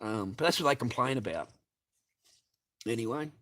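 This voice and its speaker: A man's voice: mid-range voice, lively intonation, moderate pace, a bit bright. Profane ranting male livestreamer. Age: adult with a child. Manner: profane, heated and mocking.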